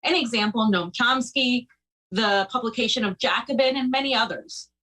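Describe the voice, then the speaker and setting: A woman's voice: a little high, moderate pace, bright, forceful tone, poor audio. A woman co-hosting a casual political talk show, talking conversationally with many fillers and restarts. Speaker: podcast co-host.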